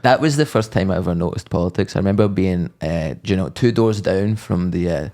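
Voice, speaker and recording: A man's voice: low-pitched, a little fast, dark tone. A man in his thirties co-hosting a podcast, telling rambling, joking stories in casual chat and sometimes breaking into sung bits. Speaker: podcast co-host.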